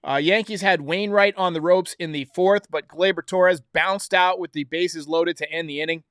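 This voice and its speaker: A man's voice: high voice, steady tone, moderate pace, a bit bright, no room sound, clean studio sound. A man hosting a baseball recap show, giving blunt, opinionated commentary straight to his viewers. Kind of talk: solo sports recap commentary.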